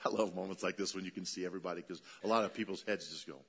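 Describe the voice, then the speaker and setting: A middle-aged man preaching a sermon as a pastor, lively, acting out quoted voices and letting his voice rise high and drop low. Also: racing. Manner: animated preacher, acts out quoted voices, voice rising and dropping.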